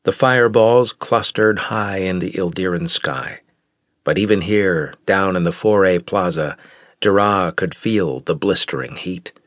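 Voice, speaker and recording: A man narrating a science fiction audiobook in a measured, steady way. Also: low voice, no room sound. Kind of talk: scripted narration.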